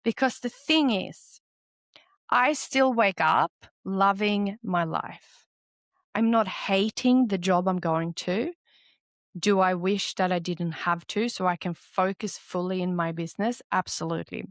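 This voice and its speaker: Aussie woman host, solo self-help podcast, blunt and lively, swears a lot, dry close sound. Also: mid-range voice, unhurried, no echo. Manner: candid and animated, swears freely. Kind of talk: solo motivational podcast talk.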